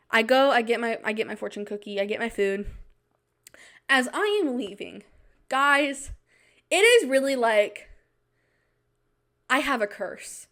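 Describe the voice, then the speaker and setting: A young woman hosting a podcast, telling a self-mocking story in a casual, animated way with quick asides. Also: a little high. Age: young adult. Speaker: podcast host.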